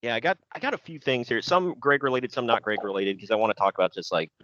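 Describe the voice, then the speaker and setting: A man's voice: mid-range voice, very animated, fast talker, fairly bright tone, no echo. A man hosting a podcast in casual chat, easygoing and rambling with lots of fillers and restarts. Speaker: podcast host. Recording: dull, lo-fi sound.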